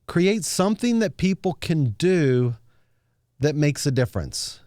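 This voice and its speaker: A man's voice: on the high side, big pitch swings, a little slow, a little mellow, dry recording. Earnest man, dry close sound. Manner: earnest, emotional storytelling with repeated words. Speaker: speaker sharing a founder story. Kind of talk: motivational talk.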